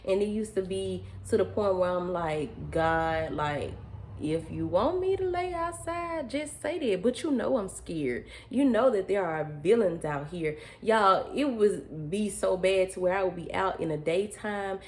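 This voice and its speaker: A young woman vlogger telling a personal story in a casual, animated way, often addressing her viewers as y'all. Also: fairly low pitch, unhurried, few pauses.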